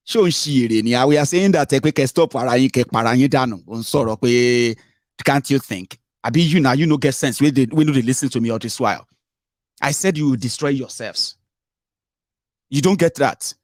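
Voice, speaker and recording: A man's voice: mid-range voice, fast talker, darkish tone, dry recording, studio quality. A man with a Nigerian Yoruba accent, hosting a heated political commentary monologue, scolding and mocking his listeners and mixing English, Pidgin and Yoruba. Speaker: political commentator and show host.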